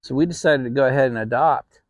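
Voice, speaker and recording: A man's voice: mid-range voice, fast, no room sound. Middle-aged man telling a story casually. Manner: relaxed, rambling, with restarts. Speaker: channel host. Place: home, relaxed fireside setting.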